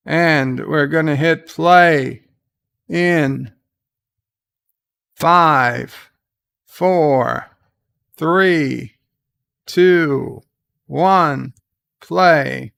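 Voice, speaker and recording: A man's voice: fairly high pitch, vocal fry, fairly bright tone, clear, resonant tone. A man hosting a live reaction stream, retelling the scenes in a casual, rambling way with restarts and fillers.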